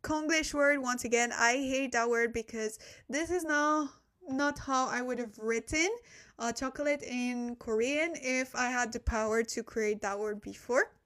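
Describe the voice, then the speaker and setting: High-voiced young woman teaching live. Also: unhurried, fairly bright tone. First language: not English. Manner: chatty, laughs often, talks to chat viewers. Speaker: Korean language teacher streaming live. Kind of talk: casual live-stream lesson. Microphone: desk microphone.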